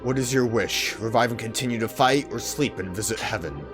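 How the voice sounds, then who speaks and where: A man voicing a solemn ancient male spirit who grants final wishes, speaking slowly and gravely. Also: medium pitch, over music, lightly acted. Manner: slow, grave, pronouncing.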